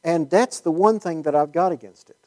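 This Bible teaching talk comes from an American man whose voice sits on the high side and sounds a little mellow. He speaks fairly quickly and conversationally, wandering through fillers, restarts and dry, wry asides.

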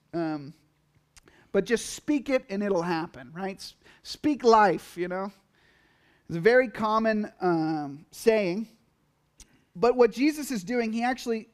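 High-voiced man preaching a conversational sermon. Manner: conversational, animated, acts out quotes in asides. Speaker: pastor.

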